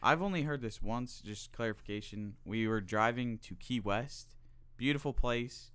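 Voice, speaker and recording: Smooth-voiced man asking easy questions. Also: medium pitch, moderate pace, a bit bright. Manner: laughs easily, prompts with questions. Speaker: podcast co-host asking questions. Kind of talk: casual conversational chat.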